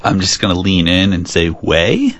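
A man co-hosts a podcast in relaxed conversation, with an extremely low, rumbling voice. He drops dry, deadpan jokes. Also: normal speed, lo-fi sound. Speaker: podcast co-host. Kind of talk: casual chat.

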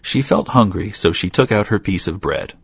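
Very deep, gravelly male storyteller. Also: normal speed, no room sound. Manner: steady storytelling with light asides. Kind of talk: reading a fairy tale aloud. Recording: dull dry lo-fi recording.

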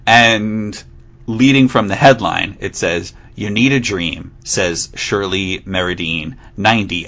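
A male podcast co-host with a lowish, fairly bright voice reads a news article aloud on a casual show. He keeps breaking into giggles, amused and reading with playful emphasis.

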